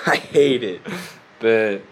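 Speaking very slowly in a lowish voice, a young missionary rambles through a casual update for his family. He laughs a lot, says "like" all the time, and sounds slightly stuffy with a cold. The background carries a little noise.

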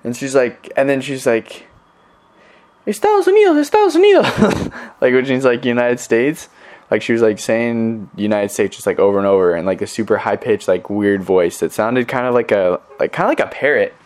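A man's voice: on the low side, fairly even intonation, normal speed, a little mellow. A young man, a missionary, telling stories in a casual recorded message to his family, rambling with many fillers. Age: young adult.

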